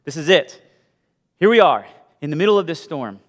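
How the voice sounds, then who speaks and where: A pastor voicing a fed-up disciple caught in a storm, loud and exasperated. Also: male voice, on the high side, animated, moderate pace, close to an everyday voice. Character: fed-up seasick disciple, adult man. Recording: long hall reverb.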